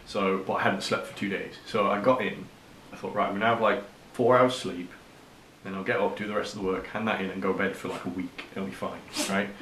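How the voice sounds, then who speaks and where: A man's voice: deep voice, fairly even intonation, brisk, fairly bright tone, reverberant, slight background noise. A young man from Cheshire chatting on a vlog, rambling through an anecdote and laughing as he goes. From Cheshire, England. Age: young adult. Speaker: vlogger. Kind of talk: casual chat.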